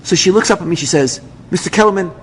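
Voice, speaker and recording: A man's voice: on the high side, rapid-fire. A man, a rabbi, telling a personal story to an audience and acting out the voices of everyone in it. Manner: animated, acts out every voice. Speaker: rabbi and speaker. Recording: long hall reverb, faint noise.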